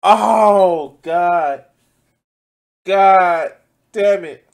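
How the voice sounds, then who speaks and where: A man's voice: high voice, extremely slow, gravelly. A man giving loose, profane reaction commentary as a streamer, often exclaiming and laughing. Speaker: streamer reacting to news clips.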